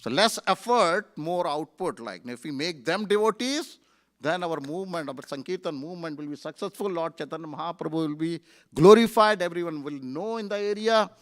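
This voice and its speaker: Bright, smooth-voiced man preaching. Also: a little high, brisk. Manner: conversational, many fillers, animated retelling. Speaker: temple speaker. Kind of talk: storytelling sermon. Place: temple hall.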